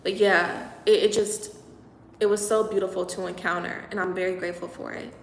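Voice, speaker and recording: A woman's voice: lowish voice, flat delivery, brisk, a little hiss or hum. A young woman hosting a casual livestream, chatting at length and reading out and answering viewers' comments. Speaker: livestream host. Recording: echoey room with long reverb.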